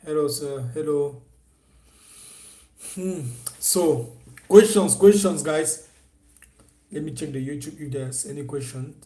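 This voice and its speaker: A man's voice: a little high, takes it slowly, long pauses, warm tone. A man hosting a casual live stream, coaching viewers on online selling in a repetitive, persuasive way. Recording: echoey room.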